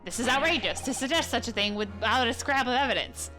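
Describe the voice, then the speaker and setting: A woman reading the lines of a furious male official in a video game, ranting fast and indignant. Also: a little high, expressive, music in the background, close to an everyday voice.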